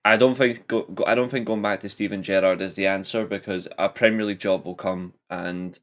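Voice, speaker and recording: A man's voice: fairly low pitch, steady tone, brisk. A man talks football on a podcast. He is blunt and heated, pushing his opinions hard in casual chat. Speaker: podcast co-host.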